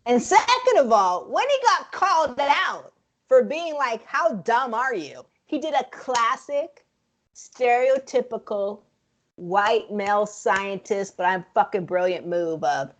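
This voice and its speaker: A woman's voice: a little high, expressive, takes it slowly. Frank, profane woman reviewing a film. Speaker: podcast co-host. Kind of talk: casual film review chat.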